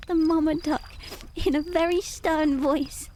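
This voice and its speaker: A woman's voice: sits high, fairly even intonation, unhurried, darkish tone, a little hiss or hum. A woman reading children's stories aloud on a stream, playful, with chatty asides. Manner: playful, chatty asides and laughs between lines. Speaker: storyteller.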